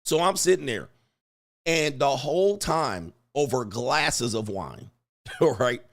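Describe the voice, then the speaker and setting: Speaking slowly at medium pitch, this middle-aged livestream host spins a story with lots of slang and laughter. He's animated and reads his viewers' comments out loud.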